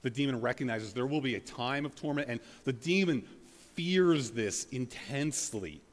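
A man's voice: mid-range voice, animated, normal speed, long reverb tail. A man, a pastor, preaching a sermon in a loose, conversational way, full of fillers, with bursts of dramatic scripture reading. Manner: conversational, uses many fillers like "like" and "you know".

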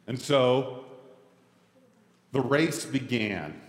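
A man's voice: a little high, lively intonation, unhurried. A man in his forties, a pastor preaching a sermon in a casual, joking, self-deprecating way. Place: church sanctuary. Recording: roomy hall reverb.

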